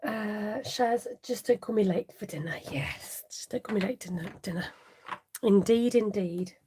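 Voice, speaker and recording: A woman at medium pitch and a measured pace, her voice mellow, demonstrates papercraft on a live stream with slight background noise audible. She chats with viewers directly, reads their comments, laughs often, and mutters little asides as she goes.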